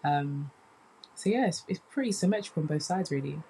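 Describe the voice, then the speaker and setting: A young woman from the UK, a comedian chatting casually in an interview, animated and relaxed, often saying "man". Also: low-pitched, fairly quick, husky. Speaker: comedian guest.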